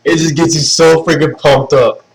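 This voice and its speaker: A man's voice: on the high side, fairly even intonation, moderate pace, vocal fry, poor audio. Gushing young man on a livestream. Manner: gushing and sentimental, laughs often. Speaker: livestream host. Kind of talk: casual livestream chat to viewers. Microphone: webcam stream mic.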